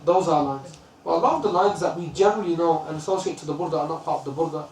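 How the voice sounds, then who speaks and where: A man from the UK teaching a lesson on classical poetry, telling stories and chanting lines of verse quickly. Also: on the high side, slight background noise. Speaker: religious teacher. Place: lesson room. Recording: roomy, distant mic, faint ambience.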